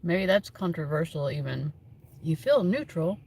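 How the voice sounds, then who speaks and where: A woman's voice: fairly low pitch, lively intonation, moderate pace, a little mellow, slightly rough. A woman hosting a tarot livestream from home on her phone, chatting casually and rambling with lots of fillers. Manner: chatty and rambling, many fillers, laughs often.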